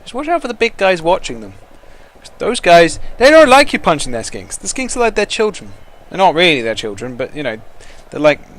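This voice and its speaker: A man giving excitable, taunting commentary over a video game he is playing. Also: on the high side, fairly quick, a little hiss or hum. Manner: excitable, taunting trash talk. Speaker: gaming commentator. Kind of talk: let's-play commentary.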